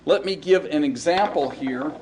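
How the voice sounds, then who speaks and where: A man teaching a Hebrew grammar lesson in a recorded lecture, speaking haltingly with many ums and restarts. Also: a little high, background noise. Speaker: Hebrew instructor.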